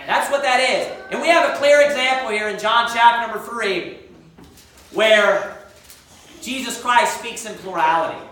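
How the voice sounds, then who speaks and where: In a church sanctuary, a woman with a fairly high, somewhat bright voice delivers an impassioned sermon at a moderate pace. Her scripture quotes come in old-fashioned King James language, and the distant mic catches heavy hall echo.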